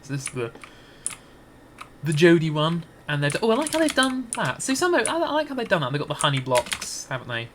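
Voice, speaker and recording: A man's voice: fairly high pitch, wildly swooping pitch, brisk, background noise. A Scottish man giving rambling, hesitant gameplay commentary into a desk mic, with many restarts. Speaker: gaming YouTuber.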